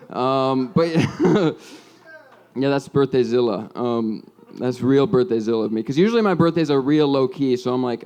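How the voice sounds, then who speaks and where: A man's voice: mid-range voice, a little fast, a little mellow, clean tone. A man in his twenties from Minnesota doing a stand-up comedy set, rambling and self-deprecating, full of ums and likes. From Minnesota, USA. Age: 20s. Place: comedy club stage with audience.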